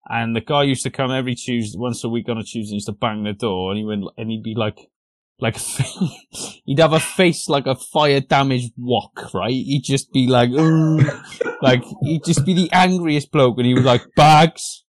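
A man's voice: mid-range voice, normal speed, no echo. A man telling a story on a casual podcast. He swears freely and laughs through his story. The sound is dry and close, with no room around him. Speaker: podcast co-host.

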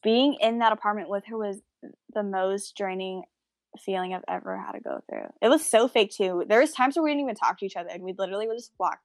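A woman's voice: medium pitch, fast talker, dry recording. A young woman in casual chat, talking frankly and emphatically, swearing freely.

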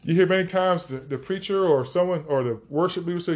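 A man's voice: high-pitched, quick pace. A man teaching scripture on a podcast, enthusiastic, stretching out key words for emphasis. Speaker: preacher.

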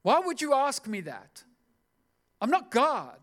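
A man's voice: very high-pitched, huge pitch swings, slow pace, a bit bright, voice pushed up, full character voice. A man voicing an upset ancient king who protests he is not God. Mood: indignant.

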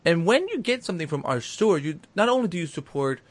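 A man's voice: on the high side, big pitch swings, fast. Rambling male podcast host. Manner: rambling, many restarts and fillers. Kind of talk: casual podcast chat.

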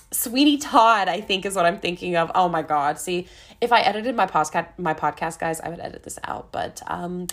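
Youngish woman rambling on her own podcast, kinda low voice, laughs at herself. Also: moderate pace. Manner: candid, rambling, self-interrupting with laughs. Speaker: podcast host. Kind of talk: casual solo podcast monologue.

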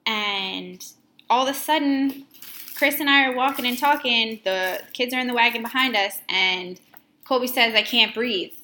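A woman's voice: a little high, moderate pace, bright, forceful tone, slight background noise. A woman and mother in casual chat, telling a family story candidly and swearing freely. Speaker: podcast co-host, mother.

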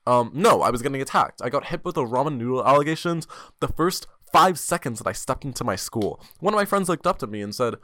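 A man's voice: mid-range voice, lively intonation, fast, sharp tone, no room sound, clean studio sound. A seventeen-year-old boy hosting a podcast on his own, chatting in a rambling, jokey, self-mocking way into a microphone. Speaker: podcast host. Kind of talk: casual solo podcast chat. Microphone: desk microphone.

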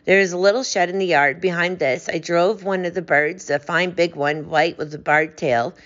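A woman's voice: on the low side, steady tone, normal speed, fairly bright tone, muffled recording, lightly acted. A woman reading aloud, voicing a frightened male thief who pleads and confesses in desperation. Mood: confessing.

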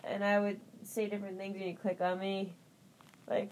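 A woman's voice: mid-range voice, completely flat delivery, normal speed, darkish tone, low-quality recording. A woman hosting a motivational morning podcast, rambling and upbeat, with lots of "like" and "you know" and encouraging pep talk. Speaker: podcast host.

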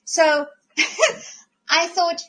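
Bright, high-voiced woman. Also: extremely slow. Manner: animated, laughing storyteller. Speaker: podcast guest. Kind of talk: casual storytelling chat.

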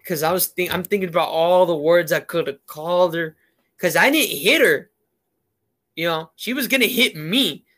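High bright dude rambling thru a story, lots of you know. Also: male voice, normal speed. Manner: rambling, heavy on fillers. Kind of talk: casual storytelling.

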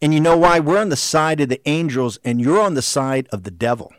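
A man's voice: fairly high pitch, a little fast, no room sound. Fiery, combative man ranting on a dry mic. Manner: shouting, combative, repetitive rhetorical questions. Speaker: show host. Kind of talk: heated political monologue.

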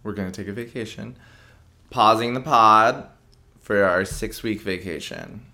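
A drag queen with an American accent co-hosting a casual podcast chat, playful and quick to slip into silly put-on voices. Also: a bass voice, pushed and bright.

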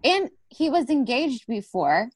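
A woman co-hosting a podcast in casual chat, blunt and quick to agree. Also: high voice, sing-song, husky, no room sound, studio quality. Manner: blunt, agreeable, short reactions. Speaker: podcast co-host.

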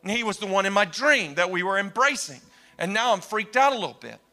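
A man preaching a storytelling sermon, swinging from loud exclamations to hushed retelling and acting out the voices in his story. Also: high-pitched, big pitch swings, fairly quick, faint music behind. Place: church.

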